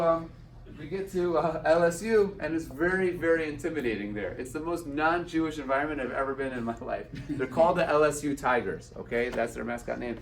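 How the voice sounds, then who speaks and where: Man telling a story in an echoey hall. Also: fairly high pitch. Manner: animated storyteller acting out quoted dialogue. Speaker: speaker. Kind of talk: personal storytelling talk. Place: event hall. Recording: roomy sound from a distant mic.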